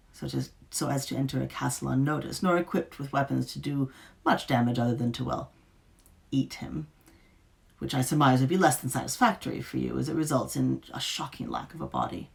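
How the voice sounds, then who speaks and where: Storybook reading: woman playing an eager, courtly monster, gravelly and animated. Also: rumbling low, brisk, full character voice. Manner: overly polite, flowery. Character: courteous, ghoulish beast monster, eager and pompous.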